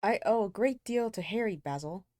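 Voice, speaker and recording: A woman's voice: medium pitch, animated, moderate pace, warm tone, no room sound, clean studio sound, lightly acted. A woman reading as a cool, callous young man. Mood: defensive. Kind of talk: amateur read-aloud of a novel.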